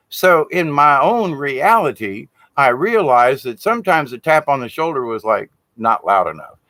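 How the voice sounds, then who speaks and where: Male shaman teacher with a lively, swinging delivery, plain-spoken and blunt, who swears casually. Dry, close sound. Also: medium pitch, moderate pace, few pauses, dry recording. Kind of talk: informal spiritual teaching monologue.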